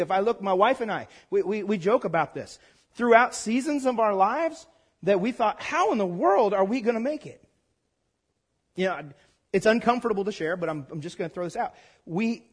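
A man preaching a sermon to his congregation as pastor, animated and repeating lines for emphasis, playfully mimicking the voices of his listeners. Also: sits high, fairly quick, husky. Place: church sanctuary before a congregation.

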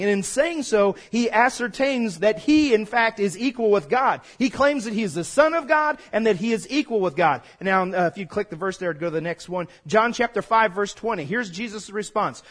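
A man's voice: high voice, expressive, moderate pace, few pauses. A man preaching a sermon as pastor, conversational and folksy, prompting the congregation to call back.

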